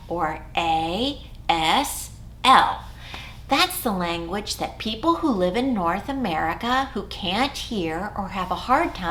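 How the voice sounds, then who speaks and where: A woman children's librarian hosting a storytime for small children, talking in an animated, exaggerated way with gasps and whispers. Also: mid-range voice.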